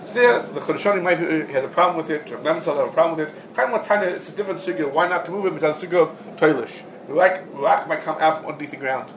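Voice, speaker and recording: A man's voice: on the high side, rapid-fire, hardly any pauses, a bit bright. A man giving a halacha class in English, packed with Hebrew and Yiddish terms, in an echoey room. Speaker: Talmud teacher. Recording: echoey room, background noise.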